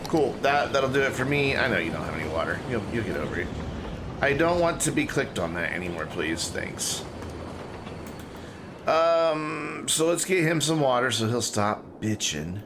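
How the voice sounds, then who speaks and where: A man's voice: mid-range voice, sing-song, moderate pace, background noise. A man giving casual, chatty live-stream commentary while playing a game, talking to himself and to his chat. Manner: talking with mouth full.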